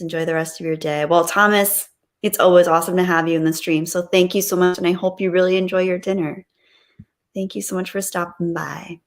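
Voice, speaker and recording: Bubbly woman thanking viewers. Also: fairly low pitch. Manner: bubbly, gushing thanks, giggly. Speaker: live streamer reading super chats. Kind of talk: casual live-stream chat.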